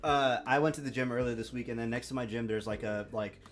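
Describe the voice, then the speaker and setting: A man hosting a podcast, chatting casually and telling lively stories with playful voices for the people in them. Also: medium pitch, fast talker, over music. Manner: animated storyteller, playful voices for quoted people, laughs easily. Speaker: podcast host. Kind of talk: casual chat.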